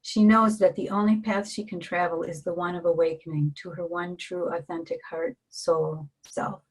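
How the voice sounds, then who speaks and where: A woman guest artist reading a reflective piece softly, then speaking gently with some hesitation. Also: lowish voice, steady tone, moderate pace, breathy edge, poor audio. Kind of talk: reading a reflective text and casual talk.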